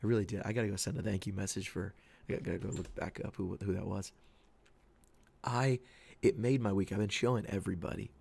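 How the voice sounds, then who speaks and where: A man in his thirties hosting a podcast, telling a rambling story and quoting his wife in a higher, louder voice. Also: fairly even intonation, fast talker, vocal fry, breathy edge. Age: 30s. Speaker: podcast host. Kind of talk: casual monologue.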